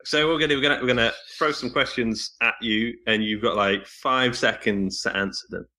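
A man's voice: medium pitch, normal speed, pushed and bright. A man hosting a podcast, chatting casually and thanking his guest. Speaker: podcast host. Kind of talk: casual chat.

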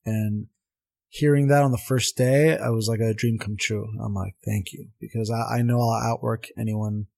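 A man, a former pro soccer player and now assistant coach, telling stories in a casual interview, animated and acting out the people he quotes. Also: lowish voice, normal speed, creaky. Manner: animated, laughs at his own story, acts out quotes. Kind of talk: casual storytelling in a podcast interview.

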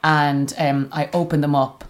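An Irish woman in her thirties, a podcast guest, chatting casually and telling lively stories. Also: sits low, a little slow, a little hiss or hum. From Ireland. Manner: animated storytelling with put-on quoted voices. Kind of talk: casual chat.

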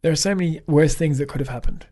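A man's voice: a little high, fast, warm tone. An Australian man, a photographer guest, chatting casually in an interview and telling upbeat anecdotes. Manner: upbeat anecdotal storyteller, acts out quoted dialogue.

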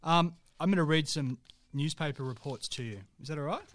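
A man's voice: a little high, a little fast, a bit bright, no room sound. Male podcast co-host, jokey, reads archive items; dry close-miked sound. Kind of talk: casual history chat, reading old news aloud.

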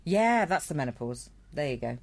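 A woman's voice: low-pitched, very animated, normal speed. Chatty, wry actress guest, a woman. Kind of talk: casual comedy chat.

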